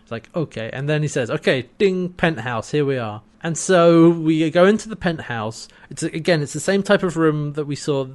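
A man talks through a TV episode with a friend, and his voice sits a little higher than most men's. He chats loosely, laughs a lot and slips into quick impressions of the characters. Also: animated, darkish tone. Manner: chatty, laughs often, acts out quotes. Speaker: podcast co-host. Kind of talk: casual chat recapping a TV episode.

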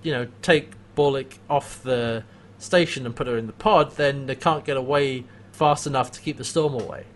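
A man's voice: medium pitch, normal speed. A man co-hosting a casual podcast, animatedly retelling a TV episode, acting out quotes and laughing often. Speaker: podcast co-host recapping a TV episode. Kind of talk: casual chat.

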